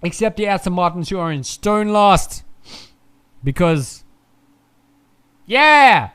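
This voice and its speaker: High, crisp-voiced young male streamer. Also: a little slow. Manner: excitable, swearing, rambling. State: groggy, short on sleep. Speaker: live stream host. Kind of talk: casual live race commentary.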